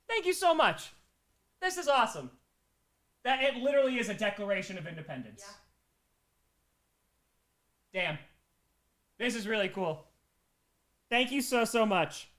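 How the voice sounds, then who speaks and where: A man hosting a casual live stream, excitedly reading chat messages and thanking viewers. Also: very high-pitched, moderate pace, long pauses. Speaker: streamer host.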